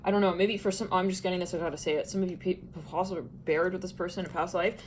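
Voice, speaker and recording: A woman's voice: fairly low pitch, fairly even intonation, racing, a little hiss or hum, rough recording. A woman giving a casual tarot reading, chatty and musing, often breaking into laughter. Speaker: tarot reader.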